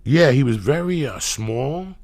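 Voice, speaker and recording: A man hosting a podcast, telling profane comedic stories in rambling anecdotes with loud bursts of emphasis. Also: medium pitch, lively intonation, a little slow. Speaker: podcast host.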